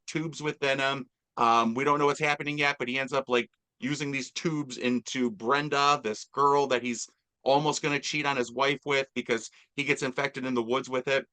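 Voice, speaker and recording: A man's voice: medium pitch, sharp tone. A man hosting a casual movie review chat, talking enthusiastically and rambling with fillers. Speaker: podcast host.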